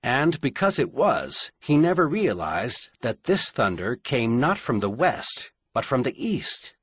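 Male narrator, dramatic delivery with wide swings in pitch, dry close sound. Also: sing-song, slightly rough, no room sound. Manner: dramatic, measured storytelling. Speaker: audiobook narrator. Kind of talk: scripted fiction narration.

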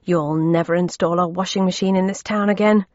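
A woman's voice: fairly low pitch, steady tone, fairly quick, no echo, natural voice. A woman voicing a pompous, blustering male businessman in a storybook reading. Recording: dull lo-fi audio.

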